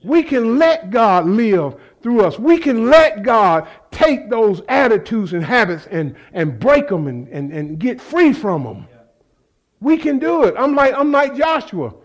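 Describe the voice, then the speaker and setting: Very high-pitched and swinging widely in pitch, a man preaches without hurrying. He's fervent and conversational, repeating phrases and engaging the congregation in call-and-response.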